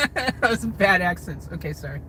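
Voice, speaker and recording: Speaking from inside a car, an American vlogger with a high, bright, forceful voice reads out livestream comments at a measured pace, sounding expressive. The audio is poor with slight background noise, and his answers ramble and hedge, with many restarts.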